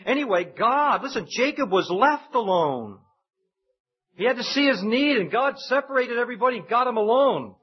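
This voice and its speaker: A man's voice: very high voice, expressive, a little fast, slightly rough. A man preaching a sermon in a conversational way, acting out the voices in the stories he retells. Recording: dull lo-fi sound.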